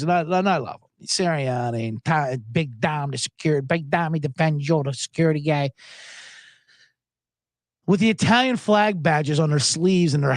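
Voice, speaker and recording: Man, sports podcast host, profane rant, chuckling asides, very lively pitch, dry close mic. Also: creaky, no room sound.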